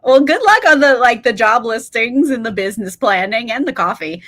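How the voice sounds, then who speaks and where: A woman's voice: fairly high pitch, expressive, normal speed, a bit bright. A woman in her thirties hosting a casual reading livestream, chatty, swearing casually and laughing often as she reads out chat replies.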